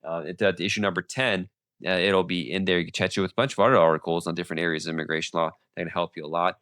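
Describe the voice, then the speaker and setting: A male podcast host with a sore throat, giving legal updates in a fast, casual monologue full of restarts and fillers. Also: sits low, steady tone, a bit bright, smooth, no room sound, clean studio sound.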